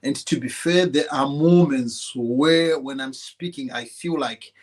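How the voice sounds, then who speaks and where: Husky-voiced man co-hosting a chat. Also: mid-range voice, unhurried. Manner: earnest, explanatory, with restarts. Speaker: podcast co-host. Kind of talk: conversational discussion.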